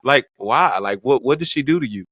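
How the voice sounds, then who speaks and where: A young adult man hosting a casual vlog, telling a story in a profane, animated way. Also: mid-range voice, fairly quick, dry recording, studio quality. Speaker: vlog host.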